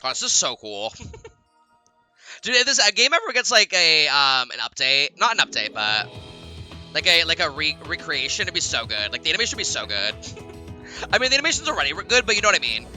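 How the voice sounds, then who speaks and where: Bright, animated gamer voice for chatty let's-play reactions. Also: mid-range voice, brisk. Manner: chatty, laughs often, heavy use of "like". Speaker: gaming streamer. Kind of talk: casual let's-play commentary. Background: game music.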